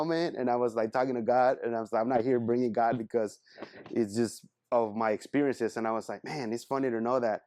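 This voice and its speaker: A man's voice: mid-range voice, darkish tone. A man in his thirties giving a casual motivational talk as a guest speaker, earnest and rambling, often calling people "man".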